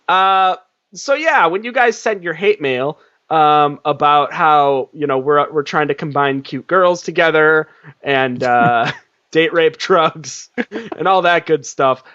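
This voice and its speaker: High-pitched man, comedy podcast host, loose joking, dull lo-fi sound. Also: slow pace, pushed and bright, clear, resonant tone. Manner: loose, laughing, swearing.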